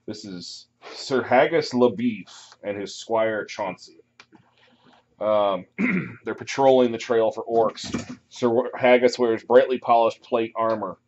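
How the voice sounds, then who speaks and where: A man running a tabletop game as dungeon master, relaxed and rambling with many pauses and ums. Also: fairly low pitch, a little hiss or hum. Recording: muffled lo-fi recording.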